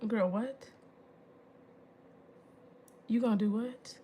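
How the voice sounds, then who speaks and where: A woman in her thirties hosting a phone livestream, telling a story to her viewers in an exasperated, animated way with emphatic asides. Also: on the high side, slow pace, a little hiss or hum. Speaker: livestream host.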